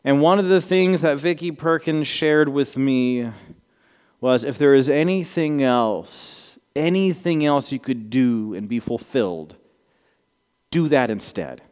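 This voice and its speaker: A pastor in his thirties with a slight Southern American lilt delivers a sermon full of personal stories, speaking conversationally with self-deprecating asides to a congregation in the church sanctuary. His smooth, resonant voice is medium-pitched, unhurried and a little mellow, and the long reverb of the big hall trails each phrase.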